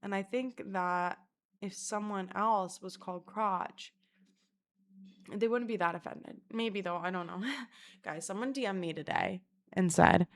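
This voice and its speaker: Young woman, casual vlogger, swears freely, animated storyteller, talking to her phone camera at home. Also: mid-range voice, measured pace. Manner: profane, animated storytelling with acted-out quotes. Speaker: content creator. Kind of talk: casual vlog chat.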